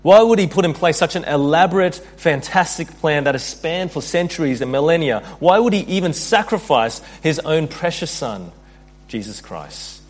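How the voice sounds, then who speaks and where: A man's voice: fairly high pitch, animated, normal speed. Earnest man preaching a sermon. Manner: earnest preaching, reads scripture aloud, rises in intensity. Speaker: pastor.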